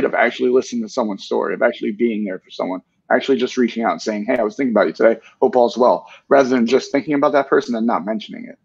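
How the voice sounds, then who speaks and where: An earnest man in his forties talks candidly as an interview guest, often checking in with "right?". His voice is slightly husky. The recording is muffled and lo-fi. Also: medium pitch, darkish tone. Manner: earnest, tag questions with "right?".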